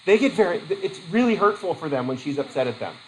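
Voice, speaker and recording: A man's voice: fairly high pitch, animated, fast, slight background noise, low-quality recording. A male teacher giving a casual classroom lecture, acting out quoted voices and laughing easily.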